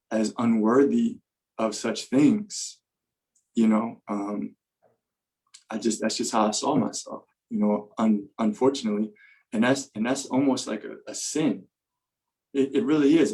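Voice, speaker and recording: A man's voice: medium pitch, darkish tone, rough recording. A man telling an earnest personal testimony as a podcast guest, with many fillers and restarts.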